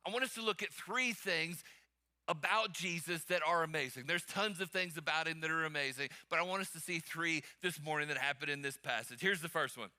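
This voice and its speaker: Bright-voiced, emphatic male pastor. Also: a little high, brisk. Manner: emphatic, calls for congregation responses. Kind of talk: sermon.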